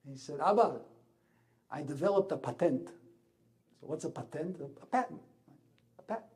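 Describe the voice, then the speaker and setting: An older man with an Israeli accent giving a halting, emotional personal speech as an ambassador. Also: fairly high pitch, lively intonation, darkish tone. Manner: halting, searching for words, rising intensity in places.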